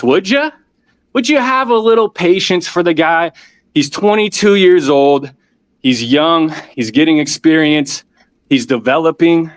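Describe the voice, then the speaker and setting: A male caller vents to a sports talk show with an emphatic, fired-up rant, hammering the same points again and again. His voice sits a little high, and the sound is dry and close. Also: no echo. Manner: fired-up, emphatic, repeats himself. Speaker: fan caller. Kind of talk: heated call-in rant.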